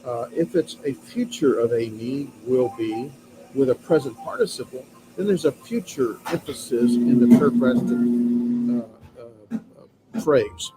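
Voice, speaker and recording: Through a very noisy recording, a man with a medium-pitched voice speaks a little slowly. He's a Greek grammar instructor lecturing students in a classroom, explaining patiently and reassuringly with frequent filler sounds.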